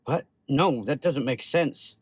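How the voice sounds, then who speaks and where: A man's voice: medium pitch, takes it slowly, breathy edge, no echo, voice pushed up. A man voicing a badly injured American fisherman who talks weakly, with labored breathing and pain.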